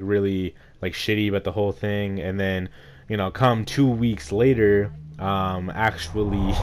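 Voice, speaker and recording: A young man telling a frustrating story in a rambling, casual way, his voice rough from being sick. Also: lowish voice, a little hiss or hum. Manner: rambling, heavy use of "like", frustrated. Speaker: gaming vlogger. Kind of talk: casual storytime rant over gameplay.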